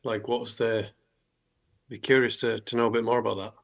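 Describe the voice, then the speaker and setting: A man's voice: medium pitch, flat delivery, brisk, gravelly, highs cut off. A man in a casual radio chat, asking questions and giving his opinions with many fillers.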